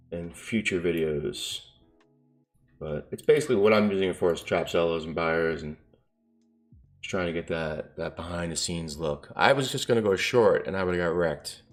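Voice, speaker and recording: A man streaming his day trading live, talking casually to viewers and muttering to himself as he reads the charts. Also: sits low. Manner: rambling, self-talking, mutters at the screen.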